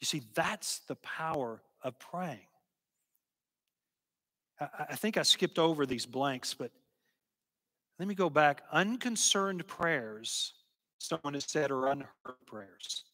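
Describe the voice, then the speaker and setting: A man's voice: fairly high pitch, animated. Earnest male preacher in a reverberant hall. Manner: earnest, slow and emphatic, dropping to a hush. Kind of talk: sermon storytelling.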